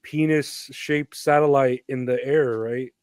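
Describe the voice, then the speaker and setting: A man's voice: mid-range voice, fairly even intonation, a little slow, darkish tone, no echo. Laid-back man on a podcast. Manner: laid-back, recapping with loose filler words. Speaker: podcast co-host. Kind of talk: casual podcast chat.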